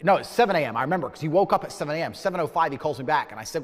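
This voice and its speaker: A man's voice: a little high, lively intonation, rapid-fire, in a large hall. A man telling a heated, profane anecdote, ranting in exasperation. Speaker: storyteller. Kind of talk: animated anecdote.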